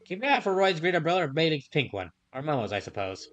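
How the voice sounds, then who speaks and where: A man reading game dialogue aloud, voicing a gentle, chatty older woman shopkeeper in a soft, higher put-on voice. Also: sing-song, fast talker, highs cut off, soft background music. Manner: gentle and polite.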